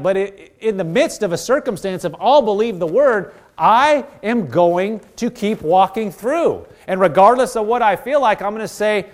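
High-voiced man preaching earnestly. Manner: earnest, exhorting, repeats phrases and restarts often. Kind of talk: sermon.

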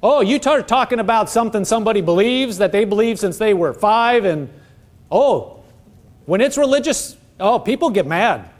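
A man's voice: high-pitched, expressive, moderate pace. A man teaching from the Bible in a conversational preaching style, earnest and full of rhetorical questions.

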